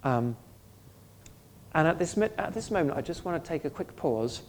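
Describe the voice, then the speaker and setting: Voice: medium pitch, expressive, normal speed. A pastor preaching a sermon in an earnest, conversational way, often asking the listeners questions.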